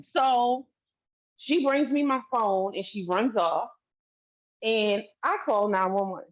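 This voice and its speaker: A woman's voice: medium pitch, a little slow, lo-fi sound. A woman telling a personal story to her viewers in a candid, casual way, swearing freely and speaking straight to the audience. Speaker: vlogger.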